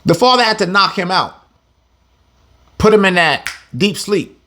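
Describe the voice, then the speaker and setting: With a high voice and measured pace, a man teaches scripture informally, reading each verse before paraphrasing it in slang. This Bible teacher is animated and laughs often.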